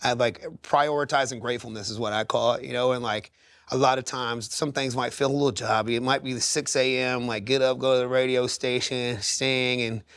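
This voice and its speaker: A man's voice: mid-range voice, fairly even intonation, fairly quick, a bit bright, dry recording, clean studio sound. A man in his thirties, a singer talking candidly as a podcast guest, rambling and earnest with many restarts. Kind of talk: candid conversational interview. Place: podcast studio.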